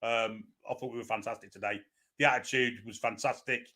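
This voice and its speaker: A man's voice: lowish voice, steady tone, a little fast, sharp tone. A man co-hosting live fan commentary on a football match, chatty and jokey, sometimes swearing. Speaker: fan channel co-host.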